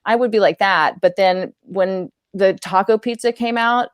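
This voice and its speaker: A young woman comedian chatting casually, telling stories and acting out quoted voices in a high chirpy tone, laughing often. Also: a little slow, clean tone, dry recording, studio quality. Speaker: comedian guest. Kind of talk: casual podcast chat with storytelling.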